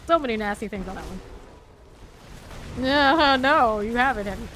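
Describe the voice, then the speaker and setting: Florida gal streamer chatting w chat while gaming, kinda high voice, noisy background. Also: female voice, normal speed. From Central Florida. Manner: chatty, laughs often, talks to chat. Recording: steady background noise.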